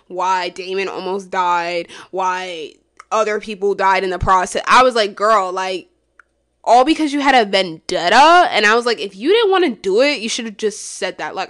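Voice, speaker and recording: A woman hosts a solo podcast, chatting casually and bluntly with plenty of profanity, swinging between low mumbles and loud exclamations. Her tone is clear and resonant.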